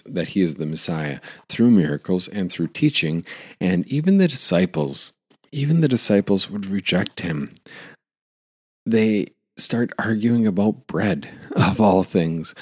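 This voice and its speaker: Male pastor, very low voice, relaxed conversational sermon with restarts. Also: unhurried. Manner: conversational with fillers and restarts, laughs lightly.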